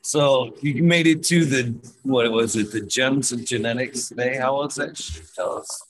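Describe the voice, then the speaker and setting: A man's voice: mid-range voice, unhurried, poor audio. A man hosting a casual livestream chat, greeting viewers and guests by name in a laid-back way. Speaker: host.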